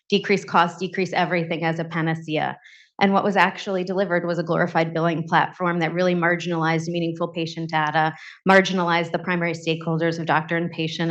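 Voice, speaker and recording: A woman physician speaking on a conference panel in an earnest, measured and cautionary way. Her voice sits low and stays quite even in tone. The event audio is dull and lo-fi. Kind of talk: panel discussion.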